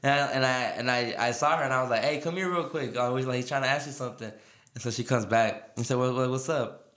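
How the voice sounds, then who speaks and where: Speaking quickly in a medium, fairly bright voice, a man hosting a podcast wanders through a story in casual conversation, laughing, filling gaps with filler words and quoting what people said. The recording has an echoey room sound.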